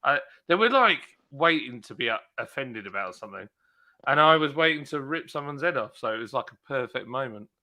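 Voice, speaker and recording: A man hosting a live stream, chatting casually and telling stories in an animated way, acting out his own shouting. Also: medium pitch, brisk. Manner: animated storyteller, acts out shouting. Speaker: streamer host. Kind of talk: casual chat.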